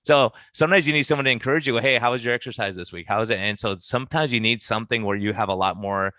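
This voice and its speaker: A man's voice: mid-range voice, fast talker, no echo. A man who works as a physician, talking casually on a podcast and acting out his patient conversations. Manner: animated, acts out patient conversations in quotes.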